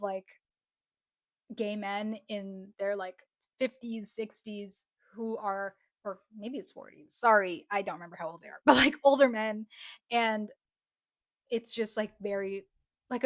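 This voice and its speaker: A woman's voice: mid-range voice, no room sound. A young woman chatting casually in a book review vlog, gushing and rambling with many fillers. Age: young adult. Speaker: book vlogger.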